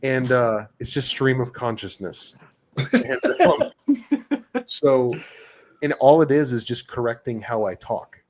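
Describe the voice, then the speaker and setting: A man's voice: medium pitch, big pitch swings, slow. Rambling man chatting about his videos. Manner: rambling, filler-heavy, self-mocking. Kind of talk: casual chat.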